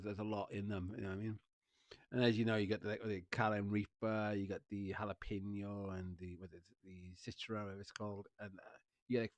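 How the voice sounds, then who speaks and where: A man's voice: lowish voice, no room sound. A man chatting casually to his viewers, rambling, repeating himself and laughing often. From Wales. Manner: rambling, repeats "you know what I mean", laughs often. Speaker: streamer and vlogger.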